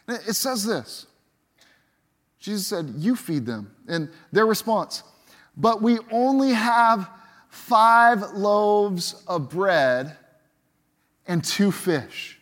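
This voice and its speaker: Higher-voiced pastor preaching with dramatic swings. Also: male voice, animated, slow, pauses often, long reverb tail. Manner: dramatic swings from loud to hushed, acting out quoted voices; repeats words when starting sentences. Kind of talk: sermon.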